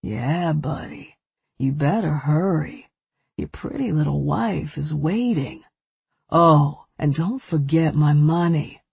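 A woman voicing a menacing male kidnapper with a low, leering drawl. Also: expressive, slow pace, gravelly, a little mellow, breathy edge, no room sound, exaggerated voice. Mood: taunting.

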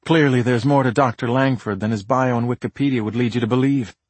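A man voicing a direct, brisk female police detective in an audiobook. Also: mid-range voice, fairly even intonation, husky, no room sound, close to an everyday voice. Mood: firm. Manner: firm, direct.

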